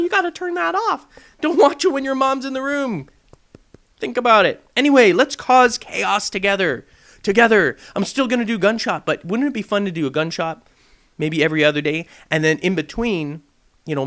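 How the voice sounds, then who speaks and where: A man's voice: high-pitched, fairly bright tone. A young man hosting a gaming vlog, ranting to camera in a brash, provocative, jokey way. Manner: brash, provocative and jokey, mocking voices in quotes.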